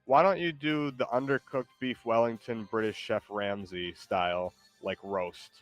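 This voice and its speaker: A man hosting a casual stream, talking in a hesitant, rambling way with lots of pauses. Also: on the low side, fairly even intonation, soft background music. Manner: hesitant, rambling, many ums. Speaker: streamer host.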